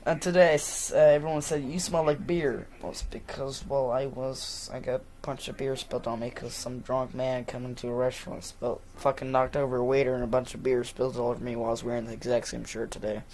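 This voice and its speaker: A man's voice: mid-range voice, little pitch movement, fast talker, few pauses, darkish tone, a little hiss or hum. Man, stuffy nose, rambling casual monologue, profane, filler-heavy. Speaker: vlogger.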